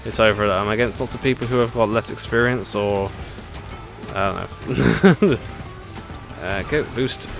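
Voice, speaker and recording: A man's voice: on the low side, steady tone, a little fast, few pauses. A man chatting casually as he streams a racing game, laughing often and reading chat aloud. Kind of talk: casual gameplay commentary. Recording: game music behind the voice.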